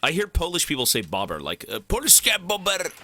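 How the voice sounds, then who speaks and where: A man's voice: medium pitch, very animated, quick pace, bright, forceful tone, slight background noise. A young man chatting with his stream viewers while playing, rambling and swearing as he jokes around. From Canada. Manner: rambling, profane, joking with chat. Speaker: game streamer. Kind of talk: casual stream chat while gaming.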